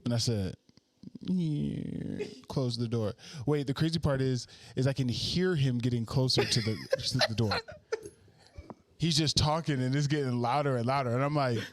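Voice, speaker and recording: A man in casual podcast chat with friends, telling a story in an animated way and repeating his lead-ins. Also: mid-range voice, moderate pace. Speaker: podcast co-host.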